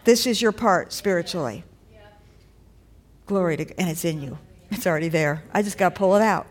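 A woman preaches a sermon to a church congregation, talking in a conversational, encouraging way that builds toward rising exhortations. Her voice is on the low side, at normal speed.

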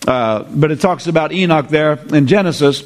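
Man preaching a sermon, fairly high voice, lively and repetitive, calls out to the congregation. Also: normal speed. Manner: lively preaching with call-and-response, repeats phrases.

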